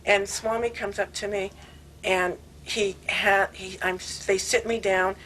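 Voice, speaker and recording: A woman in her sixties telling animated, laughing stories with many restarts in casual conversation. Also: mid-range voice, a little slow, a little hiss or hum, poor audio. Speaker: longtime devotee recounting memories. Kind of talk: casual storytelling.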